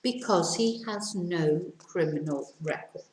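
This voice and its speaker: A British woman teaching English, reading quiz sentences aloud slowly and carefully with countdowns. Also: on the low side, darkish tone, roomy sound, poor audio. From Britain. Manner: careful slow dictation with countdowns.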